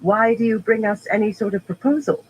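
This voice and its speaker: Meddling woman sitter, pushy and prying, raised in pitch by a man reader. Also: a little fast, lo-fi sound, a little hiss or hum, natural voice. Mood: challenging.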